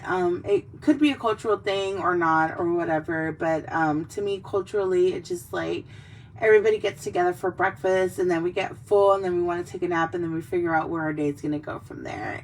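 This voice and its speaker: A young woman hosting a casual drinking chat, rambling, swearing freely and heartfelt. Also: on the low side. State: tearful in places. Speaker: host. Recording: mic a bit distant, faint background noise.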